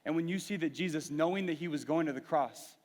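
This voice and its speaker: A young youth pastor with a fairly high voice talks fast as he preaches a sermon to a youth group in a reverberant hall. He tells a personal story candidly and earnestly, often restarting his sentences.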